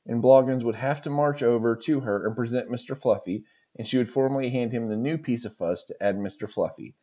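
Low mellow man reading stories. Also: dull audio. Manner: amused, laughs and reacts between stories. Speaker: podcast host reading listener stories. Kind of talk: reading stories aloud with reactions.

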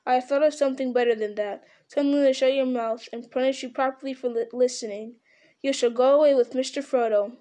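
Lady doing a grim old wizard, bossy but kind, warm dark sound. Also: high-pitched, fairly even intonation, brisk, lightly acted. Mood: amused. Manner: grim, commanding. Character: stern old male wizard, gruff but kindly.

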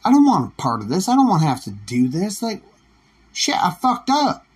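Man voicing a bratty would-be dad, high and squeaky, complaining. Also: expressive, normal speed, husky, full character voice. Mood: whining. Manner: complaining, petulant, profane. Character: whiny young man refusing fatherhood.

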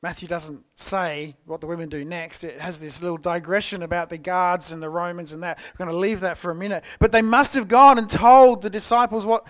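A man with an Australian accent preaching a church sermon, telling the story expressively and moving between loud exclamations and hushed tones. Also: sits high, fairly even intonation, brisk, few pauses. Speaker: pastor. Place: church service.

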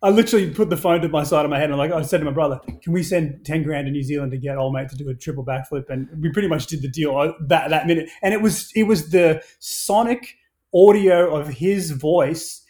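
An energetic man tells stories in a relaxed podcast chat. His voice sits a little high, and he swears freely and trips over restarts as the ideas pour out. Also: a little fast.

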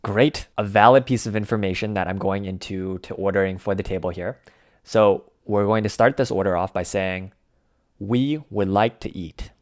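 A man co-hosting a language lesson, calmly walking through Mandarin phrases for ordering food. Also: on the low side, no echo, clean studio sound. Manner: unhurried, walks through each dish step by step. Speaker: language podcast co-host.

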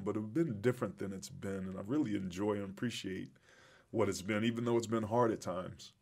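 Middle-aged man, low voice, earnest and reflective guest storyteller. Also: gravelly. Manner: reflective, earnest, emotional at times. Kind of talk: emotional personal storytelling.

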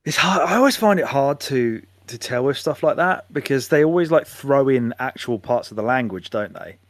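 An animated man from England co-hosting a podcast, his pitch rising and falling a lot. He swears casually and slips into voice impressions. The recording is close and dry. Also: normal speed, dry recording. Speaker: podcast co-host. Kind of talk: casual chat.

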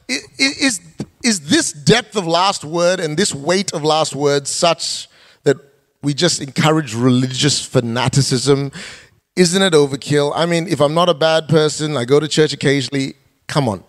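A man's voice: a little high, moderate pace. A middle-aged male pastor preaching a sermon, firing rhetorical questions with emphatic delivery. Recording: long hall reverb.

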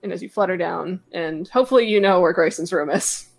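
A woman's voice: lowish voice, fairly quick, gravelly, no room sound. Woman gm narrating a tabletop game, patient and descriptive, dry home mic. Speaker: game master. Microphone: home microphone.

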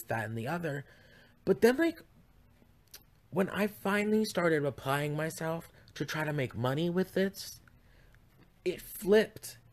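Campy, chatty young man podcasting. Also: mid-range voice. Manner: chatty, campy, rambling asides. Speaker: podcast host. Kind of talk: casual chat. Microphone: podcast mic.

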